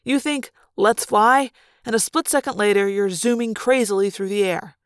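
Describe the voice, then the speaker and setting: A woman reading a fan audiobook, narrating in first person with lively, dramatic delivery. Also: medium pitch, brisk, smooth, no echo, studio quality. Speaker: audiobook reader.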